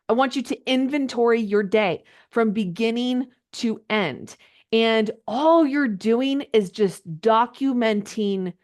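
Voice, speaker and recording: A woman coaching a group live on a video call, chatty and animated, her voice jumping up when she gets excited. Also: mid-range voice. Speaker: social media coach. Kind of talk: live online coaching session.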